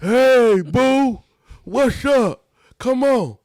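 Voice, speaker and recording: A woman's voice: fairly high pitch, lively intonation, drawn-out words, darkish tone, no room sound, studio quality, pitched above the performer's own voice. A man putting on the voice of a flirty, fawning woman, gushing and sing-song.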